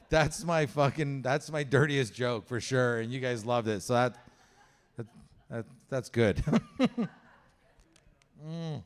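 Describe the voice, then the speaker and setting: A man's voice: mid-range voice, slow, pauses often. A young man from Canada doing a crude, conversational stand-up set on stage, acting out voices in his stories. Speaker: stand-up comedian. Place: comedy show stage with live audience.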